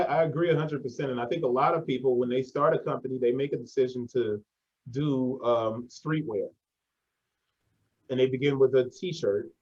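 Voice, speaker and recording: A man hosting a casual interview, talking in a relaxed, slangy way and often dropping "yo" and "man". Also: a little high, muffled recording. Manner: slangy and conversational, says 'yo' and 'man'. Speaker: podcast host.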